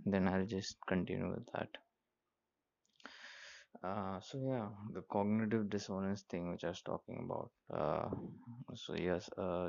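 A low, gravelly man's voice, strained by a sore throat, holds a flat, even tone. He talks slowly and hesitantly, with many fillers and restarts. The recording is dull and lo-fi. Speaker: podcast host. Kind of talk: casual solo monologue.

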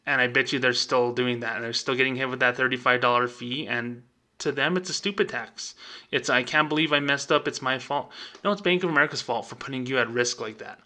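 A man's voice: medium pitch, fairly quick, sharp tone. A man and former bank employee hosting a show, ranting in an emphatic, indignant way and repeating words for stress. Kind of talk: casual rant.

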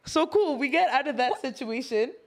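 A woman co-hosting a casual podcast chat, telling stories in an animated way and acting out what people said. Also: high voice, normal speed. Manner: animated storyteller, acts out quotes. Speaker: podcast co-host.

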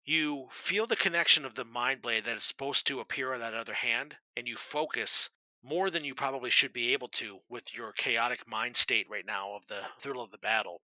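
A man acts as game master for a tabletop game, steadily describing the action and making brisk rule calls as he asks for rolls. His voice is medium-pitched, and the recording is dry and rough.

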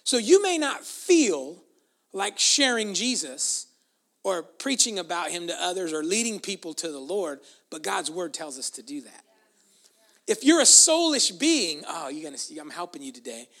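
Animated, bright-voiced preacher. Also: medium pitch, moderate pace. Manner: animated and emphatic, drops to soft asides. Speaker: pastor. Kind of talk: sermon.

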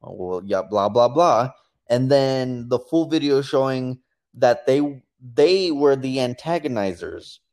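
A man's voice: mid-range voice, unhurried. A man co-hosting a casual talk show, telling a story and acting out quotes as he goes. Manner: animated storytelling, acts out quotes. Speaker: podcast co-host. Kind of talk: casual commentary chat.

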